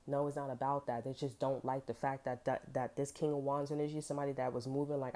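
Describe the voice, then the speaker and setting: A woman's voice: extremely low pitch, flat delivery, fast, warm tone. A woman giving a casual tarot reading, blunt and profane, full of emphatic slang. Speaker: tarot reader.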